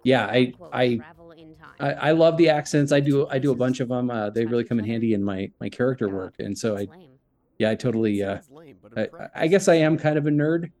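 A man's voice: mid-range voice, fairly quick, a little mellow. A man from Ohio who works as a voice actor, speaking with carefully controlled enunciation in a casual panel chat.

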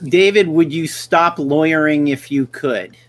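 Speaking at a measured pace, this podcast host has a slightly high, fairly bright voice. The middle-aged man chats casually and spins wry stories, voicing the lines of those he quotes.

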